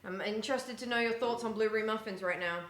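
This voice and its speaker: A woman's voice: on the high side, fast, a bit bright. Chatty woman streaming from an echoey kitchen. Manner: chatty, talks to chat while moving around the kitchen. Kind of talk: casual live-stream chat while baking. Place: home kitchen. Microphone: streaming setup, often walks away from the mic. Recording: echoey kitchen with faint room noise.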